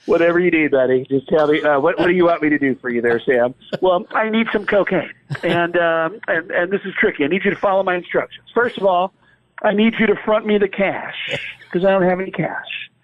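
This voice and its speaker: Man impersonating a brash dead comedian ghost, higher voice, muffled podcast sound. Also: a little fast, natural voice. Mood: pushy. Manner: pushy, rambling requests. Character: brash dead male comedian calling from the afterlife.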